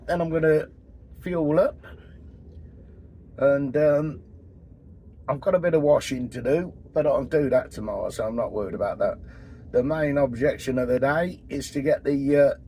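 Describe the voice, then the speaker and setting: A man in his sixties, from England, ranting in a casual vlog, blunt and full of swearing, with a husky voice. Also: mid-range voice, warm tone, slight background noise. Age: 60s. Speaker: vanlife vlogger. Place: in and around a camper van, partly outdoors.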